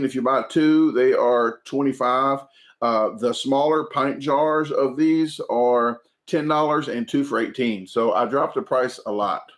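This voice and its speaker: A man in his forties hosts a casual home livestream and answers viewer comments. His voice sits at a middle pitch, and he talks haltingly, filling pauses with ums and uhs and restarting his sentences often. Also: a bit bright. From United States. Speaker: food channel livestream host.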